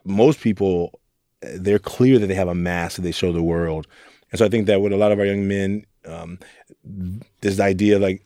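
A man's voice: on the low side, fairly quick, warm tone, no room sound, clean studio sound. A young man from Oakland, a youth mentor, speaking candidly and reflectively in an interview. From Oakland, California. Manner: earnest, reflective storytelling with quoted asides.

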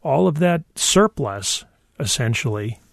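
Gravelly-voiced man explaining wildlife. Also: medium pitch, big pitch swings, a little slow, no room sound, studio quality. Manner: thoughtful, explanatory, with hesitations. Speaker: wildlife expert guest. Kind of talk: radio call-in answers.

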